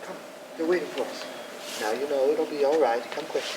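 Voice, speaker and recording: A young woman playing a gentle, firm father. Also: sits low, a little fast, background noise, close to an everyday voice. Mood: soothing. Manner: soothing, firm. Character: steady, gentle father of the bride. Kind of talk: live stage acting. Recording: echoey stage sound from a distant mic.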